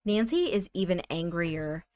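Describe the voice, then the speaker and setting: A woman's voice: fairly low pitch, lively intonation, measured pace, a little mellow. A woman hosting a let's play, narrating her game in a chatty way with dramatic exclamations. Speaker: gaming channel host.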